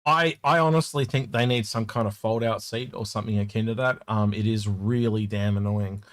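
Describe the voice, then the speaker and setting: A man's voice: on the low side, fairly even intonation, a little fast, fairly bright tone, no room sound. A man chatting casually as a podcast co-host, rambling with lots of restarts. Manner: rambling, many restarts, acts out quoted voices. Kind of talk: casual chat.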